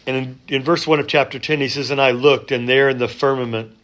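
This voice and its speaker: A man preaching a sermon in a conversational way, rising for emphasis and dropping to soft asides. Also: mid-range voice, fairly even intonation, fairly quick. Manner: conversational, many fillers and restarts. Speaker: pastor.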